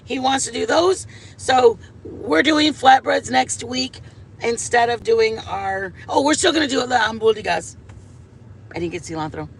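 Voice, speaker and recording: A man's voice: very high voice, lively intonation, a little slow, creaky, slight background noise. A man hosting a casual livestream on wireless earbuds, gushing and affectionate, swearing playfully at his viewers. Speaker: livestream host.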